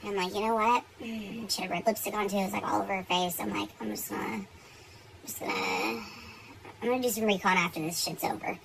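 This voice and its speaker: A young woman telling a story in casual, animated chat, swearing freely and getting worked up. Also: mid-range voice, a little fast, vocal fry, noisy background. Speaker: beauty vlogger.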